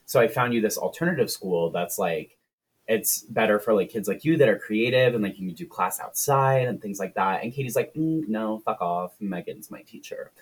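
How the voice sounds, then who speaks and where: A male podcast co-host retells a film plot in casual, profane chat, briefly doing voices for the characters. His voice is lowish with a breathy edge, lively in intonation and fairly quick.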